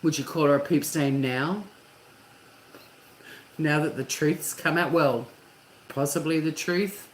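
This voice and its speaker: A woman's voice: sits low, slow pace, long pauses. A woman hosting a casual live chat with viewers, talking candidly and swearing freely. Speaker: livestream host. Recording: echoey room with faint hum.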